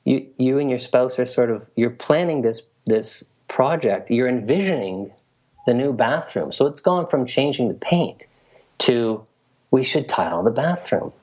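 A man's voice: medium pitch, measured pace. A man in casual conversation, explaining an idea through a long story and acting out the voices in it. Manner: animated storytelling, acts out quoted voices.

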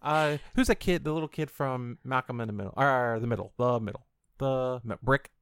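A man's voice: mid-range voice, fairly quick, fairly bright tone, clear, resonant tone, dry recording. A man co-hosting a podcast in casual, joking chat, rambling and laughing often. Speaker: podcast co-host.

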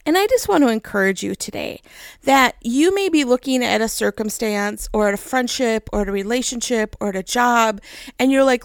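A woman giving a casual devotional talk, telling a personal story with animated acted-out voices. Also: on the high side, fairly quick, no room sound, clean studio sound. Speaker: devotional speaker.

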